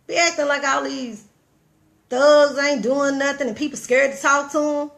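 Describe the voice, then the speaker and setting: Animated Southern woman preaching to viewers. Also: high voice, normal speed, gravelly. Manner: animated, preachy, talks to viewers directly, reads comments aloud. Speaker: vlogger. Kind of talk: casual motivational livestream talk.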